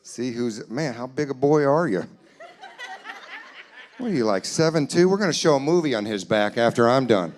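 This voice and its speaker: A man doing comedy crowd work in a church hall, teasing audience members in quick banter. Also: mid-range voice, lively intonation. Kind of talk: live stand-up crowd work.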